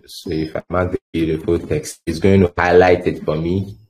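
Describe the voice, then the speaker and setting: A man's voice: sits low, level tone, moderate pace, darkish tone, a little hiss or hum. A man giving a coding tutorial, explaining step by step and thinking aloud, often stumbling and repeating words as he types. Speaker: coding instructor. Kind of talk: screen-share tutorial explanation.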